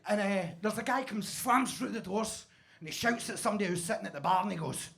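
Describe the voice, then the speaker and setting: A man's voice: high-pitched, fast talker, vocal fry, fairly bright tone, breathy edge. A Scottish man doing a stand-up set in a basement comedy club, telling stories with mock-pompous wordplay into a stage mic. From Scotland.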